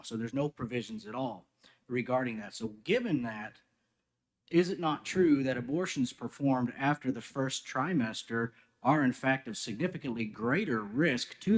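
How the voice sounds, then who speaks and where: A male legislator questions a witness in a committee hearing. His pitch sits in the middle range, and his questions are formal and pointed. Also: moderate pace. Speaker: state representative questioning a witness.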